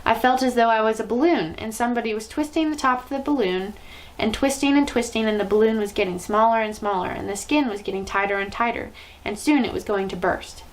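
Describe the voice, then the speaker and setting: Storytime reader: a woman with a slightly high voice, telling a children's book with drama. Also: a little fast, poor audio. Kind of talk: reading a children's novel aloud.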